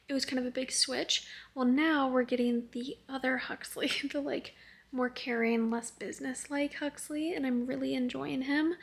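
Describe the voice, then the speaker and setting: Chatty young woman with vocal fry. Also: sits high. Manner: chatty, filler-heavy, drops to a near-whisper at times. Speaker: book vlogger. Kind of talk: casual book review vlog.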